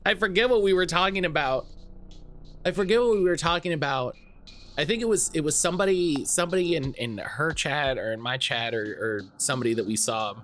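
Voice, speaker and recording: A man's voice: a little high, brisk, a bit bright, slight background noise. A man streaming a game, chatting in a rambling way and laughing often. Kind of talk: casual let's-play commentary. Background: game music.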